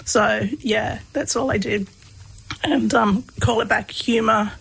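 A woman, a guest telling stories in a relaxed, chatty way with lots of fillers. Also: fairly high pitch, takes it slowly, vocal fry, husky, low-quality recording. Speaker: interview guest, researcher. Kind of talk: casual conversational storytelling.

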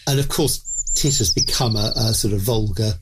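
Man, measured explainer; heavy birdsong behind. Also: fairly low pitch, heavy background noise. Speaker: bird expert. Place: outdoors among birds and insects. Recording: outdoor birdsong and insects loud.

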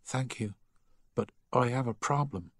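A man voicing a small, nervous new schoolboy who speaks quietly and hesitantly. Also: mid-range voice, animated, normal speed, no echo, studio quality, pitched above the performer's own voice. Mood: timid. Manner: quiet, hesitant, near a whisper.

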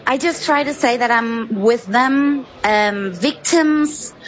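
A woman journalist from Venezuela answering interview questions in a measured, earnest way. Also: on the high side, low-quality recording. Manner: measured, earnest, with some fillers.

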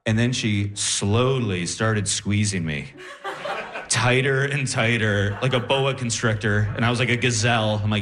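A man performing a stand-up comedy routine, telling a story with animated delivery and acted-out voices. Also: medium pitch, normal speed. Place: comedy stage with live audience. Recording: echoey live venue.

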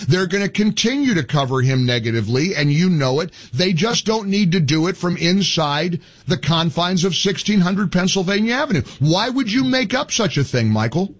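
A man hosting a call-in radio show, his voice high and husky. He argues in a sarcastic, mocking tone and needles the caller at every turn. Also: animated, moderate pace. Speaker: talk radio host. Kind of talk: combative call-in radio talk.

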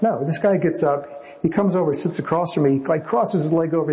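A man's voice: a little high, brisk, highs cut off, crowd noise. A man, a novelist being interviewed, telling anecdotes with wry, self-deprecating humor. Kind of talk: anecdotal storytelling.

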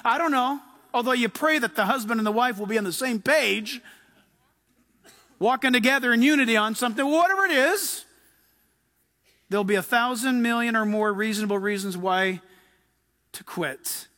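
A man's voice: very high voice, moderate pace, pauses often, bright, forceful tone. A man preaching a sermon to his congregation, emphatic, acting out the people in the scriptures he quotes. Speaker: pastor. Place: church before a live congregation. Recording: long hall reverb.

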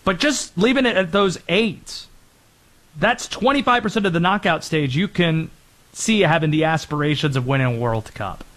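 A man with a fairly high voice for a male, delivering sports commentary as host. His talk is brisk and opinionated, as he ticks through names and makes his picks. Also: a bit bright. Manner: brisk, opinionated delivery, ticking through lists of players and teams.

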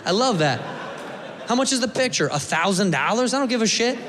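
A man from the United States doing a stand-up comedy set, animated and profane, slipping into funny voices for the people he mimics. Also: sits high, fairly quick. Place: comedy club stage. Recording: live club mic, echoey hall, audience noise. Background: audience laughter.

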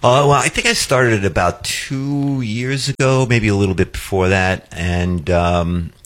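A man of about seventy with a New York accent and a very low voice talks on a radio chat show. He speaks in a measured way and pauses on fillers as he gathers his thoughts. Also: fairly bright tone. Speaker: director of technology, radio co-host.

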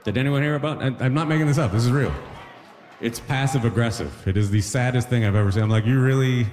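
A man performing a chatty, animated stand-up comedy set in front of a live audience. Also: medium pitch, fast. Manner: animated, chatty, frequent "you know what I mean". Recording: live hall with long reverb.

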